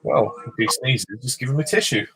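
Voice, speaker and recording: A man's voice: mid-range voice, fairly quick, music in the background, rough recording. A man giving casual film commentary with dry, wry one-liners.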